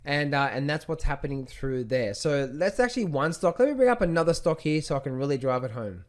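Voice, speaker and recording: A man's voice: a little high, big pitch swings, fairly quick. A man teaching trading from charts on screen, who keeps asking rhetorical questions and repeating his phrases. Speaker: trading coach. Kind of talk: screen-share chart walkthrough.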